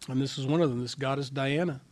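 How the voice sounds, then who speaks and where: Mężczyzna, ożywione kazanie. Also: male voice, mid-range voice, quick pace. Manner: animated, swings between loud and quiet asides. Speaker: pastor. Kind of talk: sermon.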